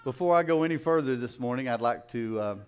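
A man, a pastor making relaxed, folksy remarks during a church service. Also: mid-range voice, fast talker, clean tone. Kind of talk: casual church announcements. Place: church sanctuary.

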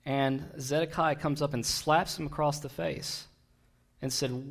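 A man's voice: fairly high pitch, fairly even intonation, a little slow, vocal fry. A man preaching a sermon, retelling a Bible story in a conversational, digressive way with wry asides.

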